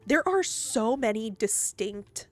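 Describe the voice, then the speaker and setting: Give me a rambling, easygoing woman chatting on a game stream at a relaxed pace. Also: on the high side, takes it slowly, soft background music. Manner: chatty and rambling, laughs easily. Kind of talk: casual gaming stream chat.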